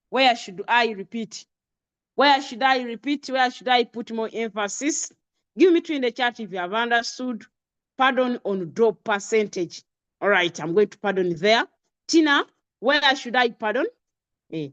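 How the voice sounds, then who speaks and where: A woman's voice: on the high side, highs cut off. A woman with a Ugandan accent teaching a live online lesson on trading settings, repeating key terms again and again and putting questions to her audience. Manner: repetitive, drilling key terms. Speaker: trading instructor.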